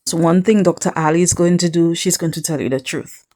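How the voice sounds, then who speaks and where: A woman hosting a reality TV recap in casual chat, sassy and animated, acting out the people she quotes and speaking straight to the viewer. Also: lowish voice, fairly quick.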